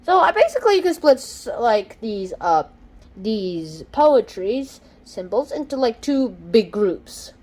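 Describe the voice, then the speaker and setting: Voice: mid-range voice, sing-song, unhurried, darkish tone. A young host reading a study guide aloud in a casual lesson, stumbling over words and restarting often. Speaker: channel host.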